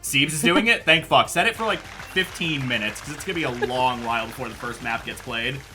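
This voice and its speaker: A man's voice: mid-range voice, a little fast, over music. A man casting an esports match and hosting the stream, talking casually and bluntly and swearing freely. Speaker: esports caster and stream host. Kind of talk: live esports casting banter.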